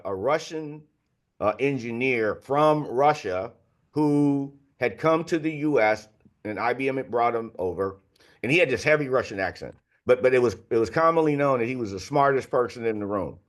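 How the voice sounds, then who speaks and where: A man in his sixties, a guest author on a podcast, tells candid anecdotes in a loose, conversational style heavy on fillers. His mid-range voice is animated and moves at normal speed.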